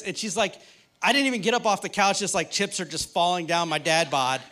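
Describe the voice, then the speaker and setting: A man in his late thirties gives a sermon in a relaxed, conversational way, slipping into funny stories and playful asides. His voice sits a little higher than most men's. He speaks to the congregation as if chatting with friends. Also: a little fast. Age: 30s. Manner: conversational, joking storyteller. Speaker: pastor.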